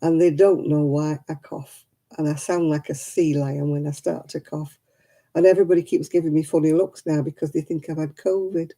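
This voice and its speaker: A woman's voice: sits low, steady tone, normal speed, mellow. A tired woman, hosting a casual livestream and chatting with her viewers by name. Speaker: livestream host.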